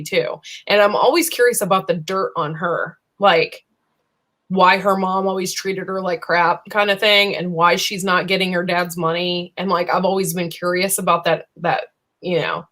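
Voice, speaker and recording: A woman's voice: lowish voice, normal speed, pushed and bright. A woman hosting a casual live-stream chat, talking. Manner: chatty, rambling, lots of fillers and 'you know'.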